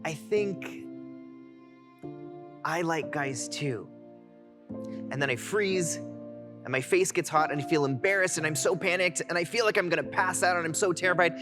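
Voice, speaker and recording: A man in his twenties giving a heartfelt keynote, telling his own story in an animated way. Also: high-pitched, quick pace. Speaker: keynote speaker. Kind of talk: personal storytelling talk. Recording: music playing underneath.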